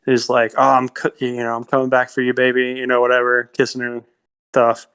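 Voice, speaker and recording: Rambling through a movie's storyline, this podcast co-host leans heavily on filler words and quoted lines. His medium-pitched voice is monotone and fairly bright, clear and resonant, and he talks fairly quickly.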